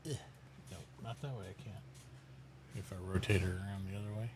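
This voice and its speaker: A man streaming casually from home, chatting and talking fondly and softly to his dog. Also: fairly low pitch, fairly even intonation, fairly quick, background noise. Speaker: live streamer. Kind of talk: casual chat while streaming.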